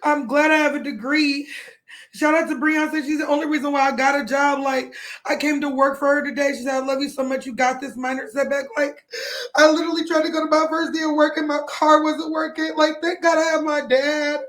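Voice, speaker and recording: A young woman speaks to her viewers on a livestream in a high voice, flat and a little fast. Tearful, her voice breaking, she rambles and pleads in emotional talk.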